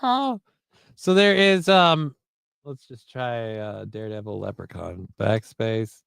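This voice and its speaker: A man's voice: fairly low pitch, expressive, takes it slowly, creaky, fairly bright tone, clean tone, dry recording. A man hosting a casual livestream, loose, profane and jokey, reading chat comments and card text aloud. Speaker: livestream host.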